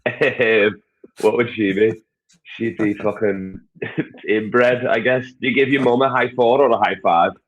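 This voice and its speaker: A man's voice: on the low side, fairly even intonation, measured pace, narrow, tinny audio. A man from Liverpool with a Scouse accent, a stand-up comedian chatting crudely and rambling as a podcast guest. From Liverpool, England. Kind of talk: casual podcast chat.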